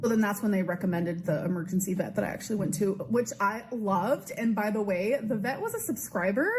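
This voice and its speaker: A woman's voice: mid-range voice, expressive, fairly quick. A woman talking casually to her camera as a vlogger, chatty and full of "like.". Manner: chatty, peppered with "like". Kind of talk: casual vlog chat. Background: background music.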